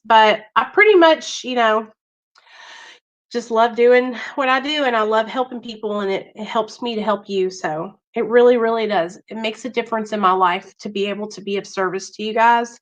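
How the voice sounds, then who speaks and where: A woman's voice: fairly high pitch, normal speed, rough recording. A woman chatting casually on a livestream, reading out viewer names and talking earnestly and emphatically. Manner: talks straight to viewers, reads chat names, earnest and emphatic. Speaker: livestream host.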